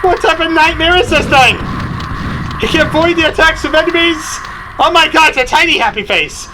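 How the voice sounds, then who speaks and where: A man running loud, jokey gameplay commentary, switching between mumbled planning and mock-panicked shouting. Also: extremely high pitch, background noise. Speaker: gaming video host.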